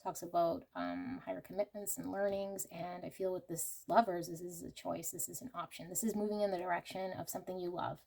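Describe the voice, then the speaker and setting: A woman's voice: on the low side, little pitch movement, a little fast, vocal fry, hardly any pauses, mellow. A woman giving a casual pick-a-card tarot reading to her viewers, emotional and chatty with many fillers. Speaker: tarot reader.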